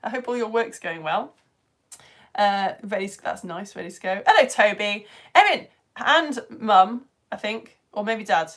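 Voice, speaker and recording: A woman's voice: medium pitch, expressive, unhurried, fairly bright tone. A woman from the UK teaching a live online science lesson, chatty and enthusiastic, laughing often as she reads out viewer comments. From United Kingdom.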